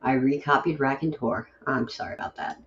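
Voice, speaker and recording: Grumbly low-voiced woman rambling on a late night stream, kinda dull mic with faint hiss. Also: fairly even intonation, brisk. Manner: rambling, grumbly, self-deprecating. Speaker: host of a poetry stream. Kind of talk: casual chat.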